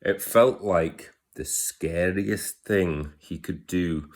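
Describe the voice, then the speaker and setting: A man reading a rhyming picture book aloud, gently asking his listeners questions. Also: low-pitched, drawn-out words. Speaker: storyteller.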